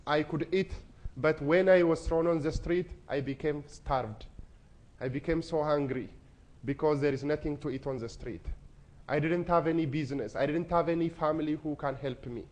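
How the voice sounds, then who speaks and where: A man's voice: a little high, normal speed, darkish tone. A young man from Ethiopia, giving an earnest, emotional personal testimony to an audience. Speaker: speaker.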